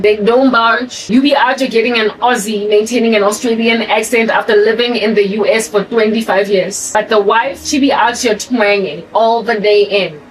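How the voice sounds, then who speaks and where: A channel host, a South African woman whose accent carries an American tinge, delivers a casual, rambling, emphatic monologue, often repeating and restarting phrases. Her voice is on the high side, captured on a distant mic in a low-quality recording with slight hiss or hum.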